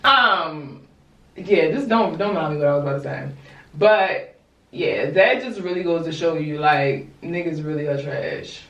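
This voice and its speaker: A young woman from Baltimore chatting casually with viewers while she does her hair, animated and blunt, calling them y'all and swearing freely. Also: sits low, measured pace, muffled recording. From Baltimore, USA. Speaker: YouTuber. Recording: roomy echo, distant mic.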